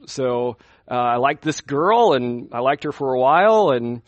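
A man's voice: medium pitch, animated, unhurried, no echo, highs cut off. A young man preaching at a youth conference in a conversational way, asking his listeners questions as he teaches. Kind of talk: sermon.

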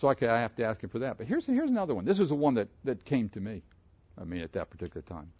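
A man preaching an interactive sermon, asking his congregation questions in an animated way. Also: medium pitch, fast talker, slightly rough, no room sound, muffled recording. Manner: animated, asks the room questions. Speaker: pastor.

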